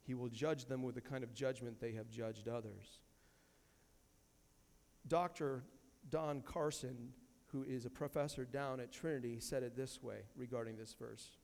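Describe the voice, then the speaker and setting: A man's voice: medium pitch, moderate pace, gravelly, darkish tone, big-room sound. A man preaching a sermon as pastor, emphatic, repeating key phrases and quoting scripture from a church sanctuary.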